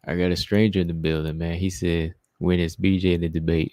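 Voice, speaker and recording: A man's voice: low-pitched, little pitch movement, moderate pace, mellow, no echo, clean studio sound. A man hosting a casual live stream, reading viewer comments and answering them in a chatty way. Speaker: livestream host reading chat.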